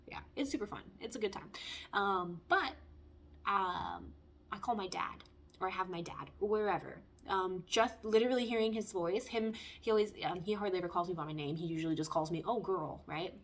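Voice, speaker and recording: A woman's voice: mid-range voice, fairly quick. A woman giving a casual spoken tarot reading, talking in a frank, blunt and heartfelt way. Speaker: tarot reader.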